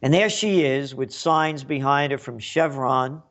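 A man's voice: medium pitch, unhurried, a bit bright. A man hosting a talk radio show, delivering a sarcastic, facetious monologue with a frog in his throat.

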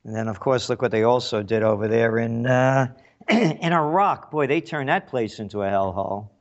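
A man's voice: mid-range voice, normal speed, dull audio. A man hosting a talk radio show, delivering a sarcastic, facetious monologue with a frog in his throat.

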